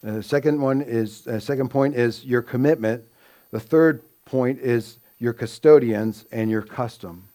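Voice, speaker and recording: A man's voice: mid-range voice, unhurried, mellow. A man preaching an expository sermon, teaching earnestly and lifting his voice to stress quoted scripture. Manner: earnest teaching with frequent fillers and restarts, rising emphasis on quoted scripture.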